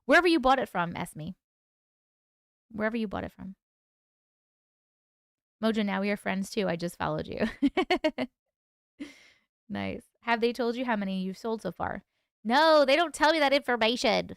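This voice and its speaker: A woman's voice: a little high, moderate pace, creaky, pauses often, dry recording, studio quality. A woman hosting a casual livestream, chatting with viewers, reading their comments aloud and laughing often. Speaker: livestream host and author.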